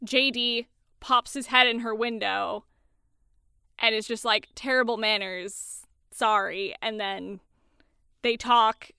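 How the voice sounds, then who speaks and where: A young woman co-hosting a casual movie chat, chatty and animated, swearing casually as she retells scenes. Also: a little high, slow pace, vocal fry, pauses often, smooth, no room sound, clean studio sound. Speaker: podcast co-host.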